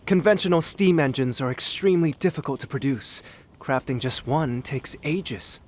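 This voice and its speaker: A man's voice: mid-range voice, moderate pace, slight background noise, natural voice. An actor voicing an earnest, idealistic male inventor in a video game, speaking formally. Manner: earnest, formal, stammers when flustered. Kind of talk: game voice acting.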